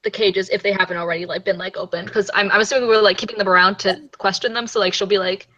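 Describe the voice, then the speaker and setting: Rambling, bright-voiced woman gamer. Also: medium pitch, fairly even intonation, fast talker, lo-fi sound. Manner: rambling, full of "like", laughs often. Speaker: player. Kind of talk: tabletop game play, casual.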